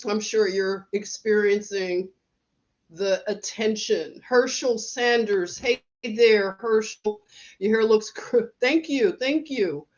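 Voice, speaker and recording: Chatty and quick to laugh, a middle-aged woman runs a relaxed livestream where she tells stories and reads viewers' comments aloud. Her voice is on the high side, and the audio is lo-fi.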